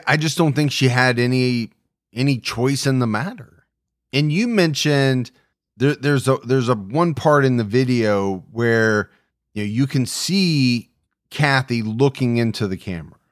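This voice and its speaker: A male true crime podcast co-host speaks in a measured, somber way, taking his time over every phrase. His voice sits in a middle register and comes across dry and close, with no room sound around it. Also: medium pitch, no room sound. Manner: measured, somber, with small restarts.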